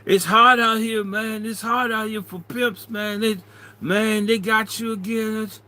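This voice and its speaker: A man's voice: sits high, fairly even intonation, a little slow, pushed and bright, voice pushed up, heavily acted. A man doing a drawling, teasing street drinker. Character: mocking older male street drinker, loose.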